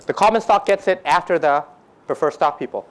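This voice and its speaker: This man's voice is fairly high and a little quick as he lectures a finance class. Between points he cracks jokes, slips in Thai phrases, and keeps firing questions at the students.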